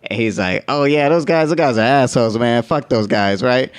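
A man's voice: mid-range voice, normal speed, smooth. A man telling a workplace story in casual conversation, laughing often and acting out what others said in slangy, profane talk. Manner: animated, laughs often, acts out quotes.

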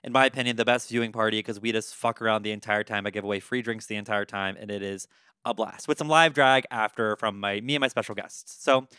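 A man's voice: lowish voice, fairly even intonation, fast, pushed and bright, clean tone, no echo, studio quality. A man appearing as a podcast guest, chatting casually and joking with plenty of fillers. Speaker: guest, drag performer. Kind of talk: casual chat.

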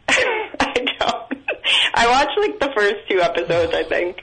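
A woman's voice: mid-range voice, huge pitch swings, takes it slowly, gravelly, a bit bright, husky, low-quality recording. A woman on a talk show, giving short, easygoing and amused replies in casual banter.

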